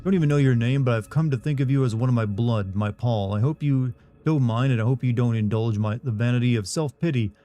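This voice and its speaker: An actor playing a solemn male preacher in a horror game, speaking gravely of suffering and the cross. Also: medium pitch, fairly quick, hardly any pauses, warm tone, lightly acted. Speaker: game character.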